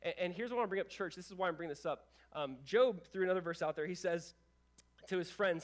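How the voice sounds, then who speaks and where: A young man preaches to his church, talking fast and animated, with casual asides to the congregation. His voice sits fairly high for a man, and he keeps a brisk, lively pace throughout the sermon. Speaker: pastor.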